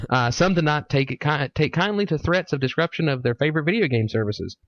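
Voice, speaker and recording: A man's voice: fairly high pitch, animated, fairly quick, no room sound. Crude, rambling male podcast host. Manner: rambling, crude, reads news aloud. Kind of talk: casual podcast chat. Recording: dull lo-fi podcast mic.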